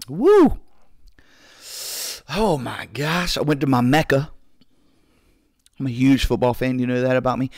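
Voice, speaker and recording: A man hosting a podcast, telling stories in an excitable, slangy way, full of dude and bro. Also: medium pitch, no echo, clean studio sound. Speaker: podcast host. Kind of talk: casual storytelling.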